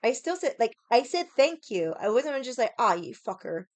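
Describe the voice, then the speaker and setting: A woman's voice: fairly high pitch, big pitch swings, moderate pace, no echo. A young woman hosting a casual livestream, ranting in a sassy, profane, rambling way and greeting viewers. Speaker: livestream host.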